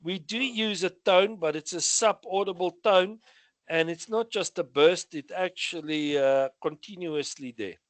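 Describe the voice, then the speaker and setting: An unhurried, high-pitched man with a South African accent reads through radio exam questions, giving the answer to each with a few passing remarks. It's an exam revision lesson, recorded without echo.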